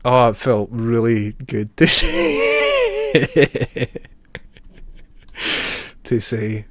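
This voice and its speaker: A man's voice: medium pitch, wildly swooping pitch, slow pace, long pauses. A young Scottish man chatting casually on a live stream, trading jokey banter, laughing often and rambling through asides.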